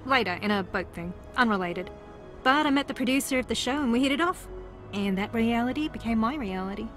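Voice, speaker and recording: An actress voicing a wry, sarcastic female reality-TV contestant from New Zealand in a mystery video game, with a dry, teasing, deadpan delivery. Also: fairly high pitch, a little fast, soft background music.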